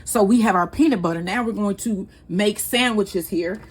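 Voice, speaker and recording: A woman's voice: medium pitch, moderate pace, slight background noise. A woman, chatting casually and rambling as she hosts a home cooking vlog. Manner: chatty, rambling, laughs easily. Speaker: cooking channel host.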